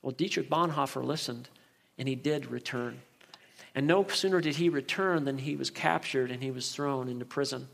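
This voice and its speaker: A man's voice: medium pitch, normal speed, creaky, a bit bright. A middle-aged male pastor preaching a sermon in an earnest way, often repeating words as he speaks.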